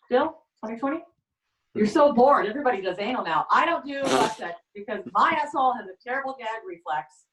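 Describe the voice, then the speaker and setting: Deadpan woman comic in an echoey room. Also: a little high, a little hiss or hum. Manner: rambling, halting deadpan delivery. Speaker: stand-up comedian. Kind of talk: stand-up comedy set. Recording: echoey room, far from the mic.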